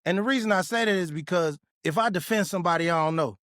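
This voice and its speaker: A man's voice: high voice, quick pace, dry recording, clean studio sound. A man hosting his own podcast, telling a personal story in a casual, blunt way full of street slang and profanity. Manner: animated when retelling confrontations. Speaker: podcast host.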